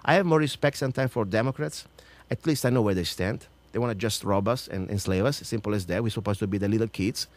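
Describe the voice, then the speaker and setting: A man with a non-native accent hosting a radio talk show, ranting about politics with strong emphasis, swinging from loud outbursts to low mutters. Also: fast talker, few pauses. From outside the United States.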